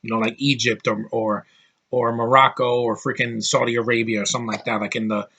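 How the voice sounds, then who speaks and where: A man's voice: mid-range voice, level tone, fairly quick, sharp tone, husky. A man giving a casual, rambling movie review, with lots of fillers and restarts.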